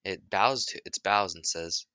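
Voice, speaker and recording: A man's voice: deep voice, a little slow, pushed and bright, clean tone, dry recording. A man casually retelling a made-up story, rambling with restarts and the odd curse.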